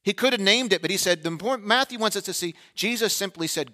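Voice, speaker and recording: A man's voice: high-pitched, fast, hardly any pauses, sharp tone. A male pastor delivering a sermon who asks the congregation questions and briefly acts out their replies.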